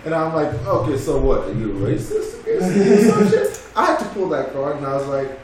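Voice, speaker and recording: A man's voice: fairly high pitch, fairly quick. A man telling a long story on a casual podcast, cursing freely and acting out what others said. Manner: profane, animated storytelling with quoted voices. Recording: echoey room, distant mic, loud noise.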